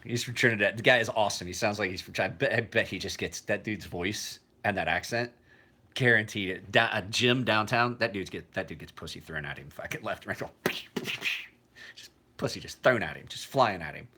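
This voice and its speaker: A man's voice: lowish voice, fairly quick, pushed and bright, husky. A man in his forties, a knife maker, chatting casually on a livestream in a rambling, profane way. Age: 40s. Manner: rambling and profane, with frequent restarts.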